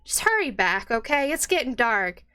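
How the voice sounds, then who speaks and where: A woman's voice: a little high, big pitch swings, normal speed, pushed and bright, clean tone, voice pushed up. A woman putting on a fussing innkeeper wife. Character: chatty middle-aged innkeeper wife, motherly and bossy.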